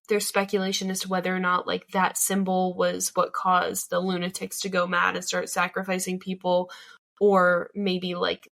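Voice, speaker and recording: A woman's voice: on the low side, creaky, a bit bright. A young woman co-hosting a podcast, talking eagerly and chattily, often saying like. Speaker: podcast co-host. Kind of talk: casual chat.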